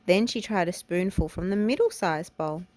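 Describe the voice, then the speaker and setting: A woman reading a children's storybook and nursery rhymes aloud, in a gentle, unhurried way. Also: fairly low pitch, no room sound. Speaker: children's book reader.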